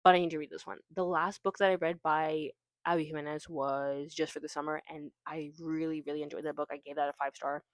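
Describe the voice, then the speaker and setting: A woman's voice: low voice, little pitch movement, brisk, few pauses, dry recording. A woman chatting casually about her reading list, rambling and correcting herself with lots of fillers. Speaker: booktuber. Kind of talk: casual chat about books.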